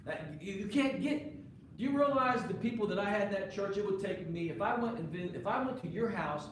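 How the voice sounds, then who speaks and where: A man's voice: high voice, expressive, a little fast, slight background noise. A male pastor preaching a sermon to his congregation in a conversational way, often putting questions to the listeners. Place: church sanctuary. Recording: echoey live church recording from far off.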